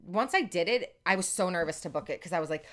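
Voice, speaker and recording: A young woman co-hosting a casual chat podcast, animated and acting out quotes in a chirpy high voice. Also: fast talker. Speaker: podcast co-host.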